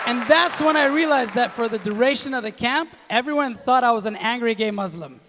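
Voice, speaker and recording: High-voiced Kuwaiti comedian on stage. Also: male voice, fairly quick, few pauses, a crowd in the background, noisy background. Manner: animated, acts out voices of others in his stories. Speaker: stand-up comedian. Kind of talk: stand-up comedy set. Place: comedy stage in a large hall with a live audience. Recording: live hall reverb.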